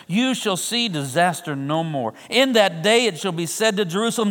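Middle-aged male pastor, high voice, emphatic sermon delivery with repeated phrases, long hall reverb. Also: lively intonation, moderate pace, few pauses, fairly bright tone.

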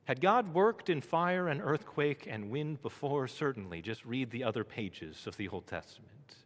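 A man preaching a sermon, asking the congregation rhetorical questions, swelling to emphatic peaks and then dropping low and soft. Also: animated, moderate pace. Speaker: pastor. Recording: long reverb of a large hall.

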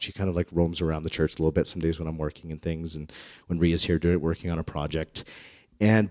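A man in his thirties preaching a sermon through personal stories, in a conversational, self-deprecating manner that grows animated when he retells dialogue. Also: low voice, dry recording, clean studio sound. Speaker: pastor. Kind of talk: storytelling sermon.

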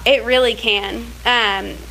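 A woman's voice: fairly high pitch, fairly even intonation, slow pace, creaky, pushed and bright, a little hiss or hum, poor audio. A young woman telling personal stories in a casual faith talk, chatty and full of filler words and restarts. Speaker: speaker in a church series.

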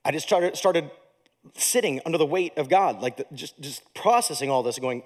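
A man preaching a sermon as pastor, passionate, moving between hushed reflection and excited exclaiming. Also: fairly high pitch, a little fast. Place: church stage.

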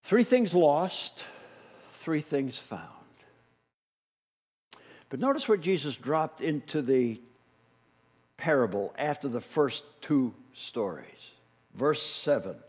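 Middle-aged pastor preaching in a reverberant hall. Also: male voice, fairly high pitch, slow, long pauses. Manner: animated storytelling, acting out quoted voices. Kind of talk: sermon. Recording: long reverb of a large hall.

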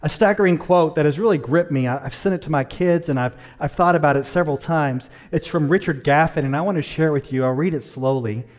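A middle-aged male pastor delivering a sermon in an earnest way. His voice sits a little high for a man, and he slows right down to stress his key points. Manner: earnest, varies pace, slows down for emphasis.

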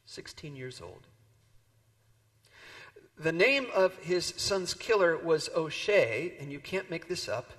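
A man preaching a sermon, telling a story and moving between loud emphasis and hushed, near-whispered lines. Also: fairly high pitch, expressive, slow pace, pauses often. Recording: long hall reverb.

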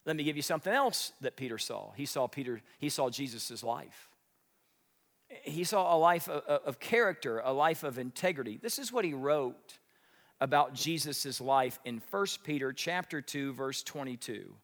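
A man preaching a sermon, telling stories with big swings, shouting at the high points and dropping to a whisper. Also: lively intonation, normal speed. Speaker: pastor. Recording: long hall reverb.

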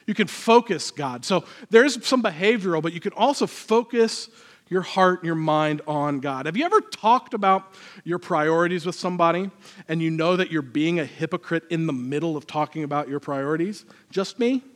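A man's voice: fairly high pitch, normal speed. A man, a pastor, preaching a sermon in a conversational, self-deprecating way.

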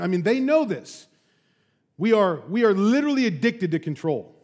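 A pastor delivering a sermon in a fairly high male voice. He moves between loud, emphatic peaks and quiet, dropped lines. He keeps throwing in casual rhetorical questions. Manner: emphatic, animated preaching with sudden loud peaks and soft drops.

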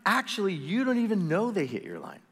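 A man preaching a sermon, telling stories with animation and slipping into acted-out voices, jumping from loud bursts to soft asides. His voice sits a little high for a man. The sound carries a long reverb, like a large church hall. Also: huge pitch swings, fairly quick, creaky, slightly rough. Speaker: pastor.

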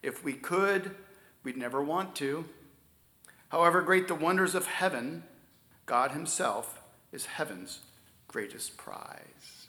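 A man preaching a sermon, stressing key words loudly and then dropping to near-whispers. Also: fairly high pitch, a little slow, long pauses, reverberant. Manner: emphatic preaching, swings from loud stresses to soft near-whispers. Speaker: pastor.

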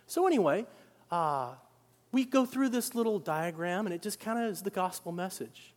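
A male pastor preaching in a high, bright register, his voice ringing through a large hall with a long, lingering reverb. He swings between hushed, close passages and loud, emphatic bursts. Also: lively intonation, normal speed. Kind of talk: sermon.

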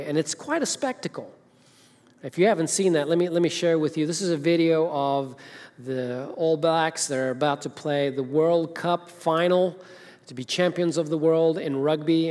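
A man's voice: mid-range voice, a little mellow. Middle-aged male minister, chatty storytelling sermon, big echoing church hall. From Zimbabwe. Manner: chatty, storytelling, with filler hesitations. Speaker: senior minister. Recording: long reverb of a large church hall.

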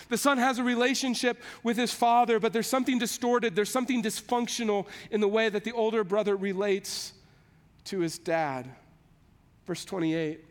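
High-voiced preacher in a reverberant hall. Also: male voice. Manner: storytelling preacher who acts out the characters' lines. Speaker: pastor. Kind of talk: sermon.

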